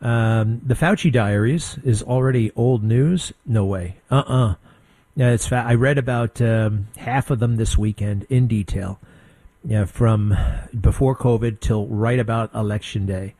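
Middle-aged guy on talk radio, husky voice, dry close mic, sarcastic and blunt. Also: on the low side, unhurried, dark tone, no room sound. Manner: blunt, sarcastic, mocking impressions. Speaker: radio talk show host. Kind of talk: opinionated talk radio monologue.

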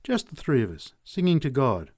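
Man voicing a big bossy woman, coarse blunt talk, raised pitch, storybook reading. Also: wildly swooping pitch, moderate pace, darkish tone, slightly rough, exaggerated voice. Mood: coaxing.

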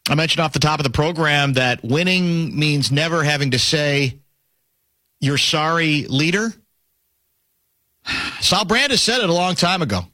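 A middle-aged man hosts a sports talk show with a high, bright, ringing voice. His delivery is animated and swoops up and down as he tells stories and needles his co-host. The sound is dry and close. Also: moderate pace, no echo. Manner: chatty, teasing, animated storytelling.

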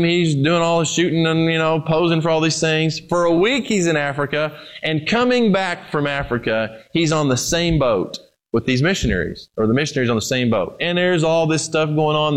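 A man preaching a sermon. He talks straight to his congregation and asks them questions, rising to emphatic lines and then dropping to low, quiet ones. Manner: speaks to the congregation directly, with questions. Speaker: pastor.

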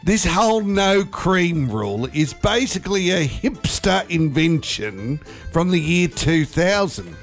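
A man's voice: high-pitched, big pitch swings, slow, soft background music. A man with an Australian accent co-hosting a radio show, chatting and joking in a rambling way. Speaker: radio co-host. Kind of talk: casual banter on air.

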